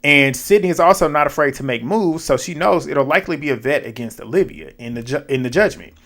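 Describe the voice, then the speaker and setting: Male reality-TV recap host with a fairly high voice, slangy and amused. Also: fairly quick, fairly bright tone. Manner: slangy, amused retelling with frequent laughter. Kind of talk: casual recap and reaction.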